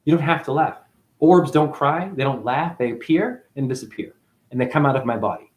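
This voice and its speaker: A man's voice: medium pitch, a little fast, highs cut off. A man giving a spiritual monologue as a teacher, preachy and profane, firing one rhetorical question after another.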